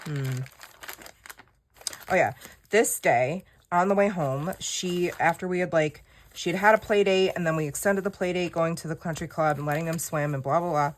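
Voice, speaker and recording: A woman's voice: low-pitched, normal speed. A woman, telling a personal story in casual chat while journaling, candid and rambling, acting out quoted dialogue. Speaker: journaling creator.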